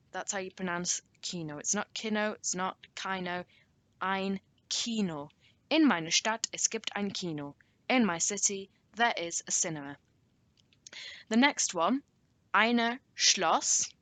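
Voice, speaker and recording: A woman giving a recorded online language lesson, slowly and carefully repeating example phrases. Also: on the low side, fairly bright tone. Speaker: language teacher.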